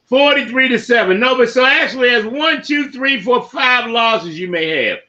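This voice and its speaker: Playful high-voiced male sports podcaster. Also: animated, normal speed, highs cut off. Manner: loose, playful, shouts out listeners by name. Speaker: podcast host. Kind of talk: casual sports talk.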